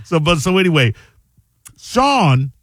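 A man's voice: on the high side, big pitch swings, takes it slowly, no room sound, clean studio sound. A man hosting a radio show, running teasing banter and laughing often. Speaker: radio host.

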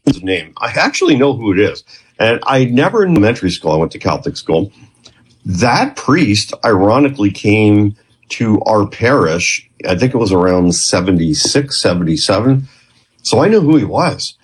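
Husky-voiced man telling a story. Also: fairly low pitch, moderate pace. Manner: animated storyteller, quotes others' words. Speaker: guest. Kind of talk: storytelling interview.

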